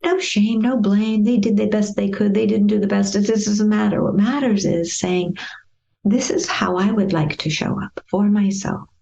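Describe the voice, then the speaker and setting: A woman therapist in an interview, telling a client's story and acting out the past conversations in a gentle, lively way. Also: medium pitch, moderate pace, gravelly, dull audio. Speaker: therapist guest.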